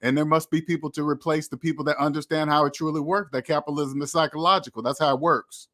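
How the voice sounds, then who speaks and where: Preachy bright-voiced man lecturing viewers. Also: on the high side, steady tone, fast talker. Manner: preachy, repetitive, addresses viewers as debt slaves; acts out imagined quotes. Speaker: money channel host. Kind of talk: motivational monologue.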